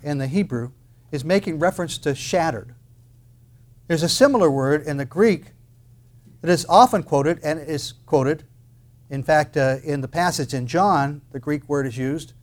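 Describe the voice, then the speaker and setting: Male preacher, fairly high voice, impassioned sermon, rhetorical questions, shifts between booming and hushed. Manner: impassioned, swings from loud proclamation to quiet intensity; quotes and explains scripture, asks rhetorical questions. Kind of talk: expository sermon.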